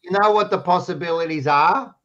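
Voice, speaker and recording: A man's voice: sits high, fairly quick, a bit bright, dull audio. An Australian man co-hosting a casual sports chat show, blunt and teasing, swearing freely. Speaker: co-host. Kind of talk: casual banter.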